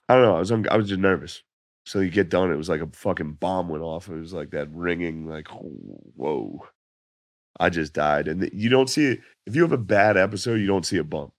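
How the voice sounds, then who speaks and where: A man telling laid-back, profane stories as a comedian guest on a podcast, his voice going hoarse. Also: low-pitched, normal speed, no room sound. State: losing his voice. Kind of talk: casual podcast chat.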